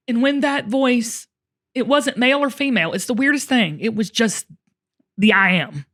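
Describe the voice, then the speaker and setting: A woman host telling a personal story in casual conversation, emotional and expressive, often speaking straight to her listeners. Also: on the high side, moderate pace. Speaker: show host.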